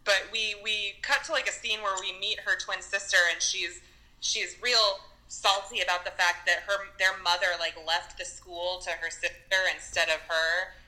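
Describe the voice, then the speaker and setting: A woman in casual conversation as a film podcast co-host, with a very bright, sharp and tense voice. She retells scenes in loose, chatty runs full of fillers. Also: mid-range voice, fairly even intonation, moderate pace, poor audio. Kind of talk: casual chat.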